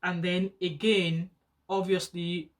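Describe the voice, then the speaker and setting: A woman in her thirties with a Nigerian accent talks casually to her camera. Her voice is chatty and animated, climbing higher whenever she gets excited. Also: takes it slowly. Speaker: vlogger.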